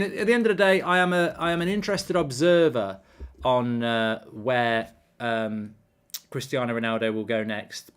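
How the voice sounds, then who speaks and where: A man's voice: medium pitch, smooth. Rambling man hosting a football watchalong. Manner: rambling, many ums, reads chat comments aloud. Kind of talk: casual live-stream chat.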